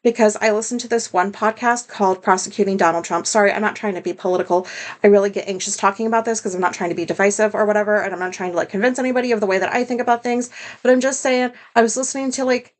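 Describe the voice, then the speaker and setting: A woman's voice: mid-range voice, fairly even intonation, racing. A woman from the United States talking to camera in a casual storytelling monologue, rambling and candid, with lots of "like" and some swearing. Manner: rambling, heavy use of "like", candid, swears, self-deprecating. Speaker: vlogger.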